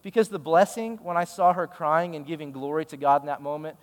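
A man's voice: a little high, fairly even intonation, brisk, big-room sound. A male pastor giving a sermon, telling a story in a conversational, emphatic way.

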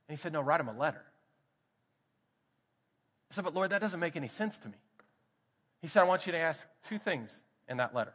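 Texan male pastor, lively sermon storyteller, bright edge, church hall reverb. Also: a little high, fairly quick, pauses often. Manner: animated storytelling, acts out quoted voices. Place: church sanctuary.

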